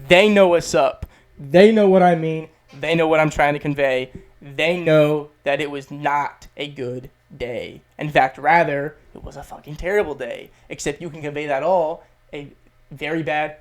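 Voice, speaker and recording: Emphatic American man, swearing casually. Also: on the high side. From United States. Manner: emphatic, swears freely, repeats phrases for stress. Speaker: YouTube English teacher. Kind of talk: casual explainer vlog.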